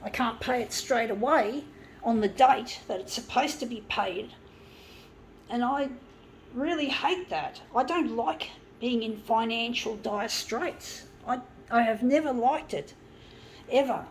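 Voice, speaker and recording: A woman's voice: on the high side, measured pace, slight background noise, poor audio. Swearing, ranting woman. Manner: swearing, repetitive, escalating into shouted outbursts. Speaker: vlogger. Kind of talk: angry personal rant to camera.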